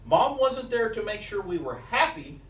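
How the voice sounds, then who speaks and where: High, lively preacher in an echoey church. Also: male voice, moderate pace. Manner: storytelling preacher, quoting scripture and mothers' sayings. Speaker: pastor. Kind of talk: sermon. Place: church sanctuary. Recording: echoey church recorded from a distance.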